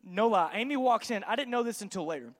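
A man's voice: high voice, quick pace. Man, 30s, pastor, joking sermon storytelling, long church hall reverb. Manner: animated, joking, addresses the congregation. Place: church sanctuary.

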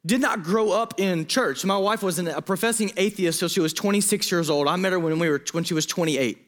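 A pastor preaches a sermon in a fairly high voice, a little fast. His delivery is earnest, emotional and pleading, and he frequently stops mid-sentence to start over.

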